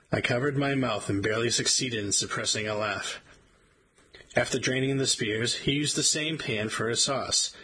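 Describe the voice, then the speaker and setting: Man, memoir narrator, husky tone, wry measured storytelling, audiobook reading. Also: medium pitch, pushed and bright, poor audio. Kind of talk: first-person memoir reading.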